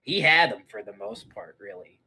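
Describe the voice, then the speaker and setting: A man's voice: mid-range voice, expressive, normal speed, pushed and bright, slightly rough, rough recording. A man playing his character in a tabletop game, joking and boasting with the game master. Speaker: player. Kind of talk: in-character tabletop role-play.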